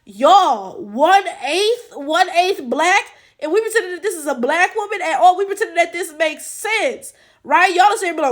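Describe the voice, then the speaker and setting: A woman's voice: very high-pitched, expressive, normal speed. A woman giving blunt, profane, incredulous reaction commentary full of rhetorical questions. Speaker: reaction channel host.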